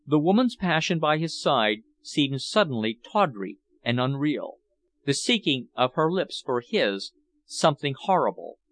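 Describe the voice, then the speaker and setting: A man reading a novel aloud as an audiobook narrator. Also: on the high side. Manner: expressive storytelling. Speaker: audiobook reader. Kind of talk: scripted narration.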